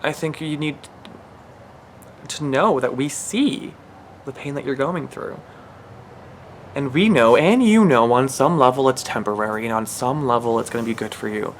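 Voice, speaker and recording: A man's voice: mid-range voice, moderate pace, slight background noise. A man giving a channeled spiritual reading in an emotional, earnest way, rambling and restarting his sentences. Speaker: spiritual reader.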